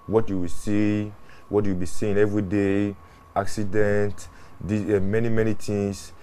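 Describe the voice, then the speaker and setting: A man with a fairly low voice, recounting his mortuary work in an interview. He talks earnestly and with animation, circling back over words and restarting sentences as he goes. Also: little pitch movement, unhurried, mellow, clean tone. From Ghana. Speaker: mortuary worker. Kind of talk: interview storytelling.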